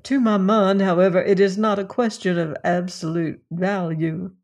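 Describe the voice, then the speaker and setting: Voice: medium pitch, flat delivery, normal speed, darkish tone, close to an everyday voice. A puffed-up estate agent, voiced by an audiobook reader, proud of every word, rolling out long, ornate sentences with lofty dignity. He sounds a little raised and emphatic, as though addressing a client he wishes to impress. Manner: grandiose, orotund phrasing. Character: pompous male real estate agent, proud and flowery. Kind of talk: audiobook character reading.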